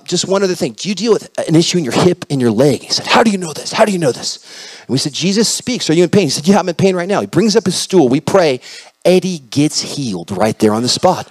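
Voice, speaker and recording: A male pastor preaching, telling a story with animated quoted dialogue and rising to loud proclamations. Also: fairly high pitch, dry recording. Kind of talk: sermon storytelling.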